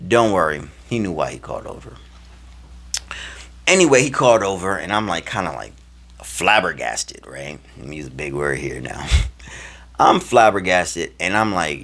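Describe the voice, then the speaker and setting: A man casually telling a personal story to camera, animated and slangy, acting out the lines he and others said. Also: low-pitched, moderate pace, creaky. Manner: animated, acts out his own and others' quoted lines; slangy, loose phrasing with many fillers.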